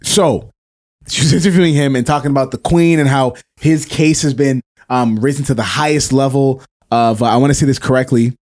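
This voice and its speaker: A man co-hosting a casual podcast, telling stories in an animated, slangy way and laughing often. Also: mid-range voice, a little fast. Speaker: podcast co-host.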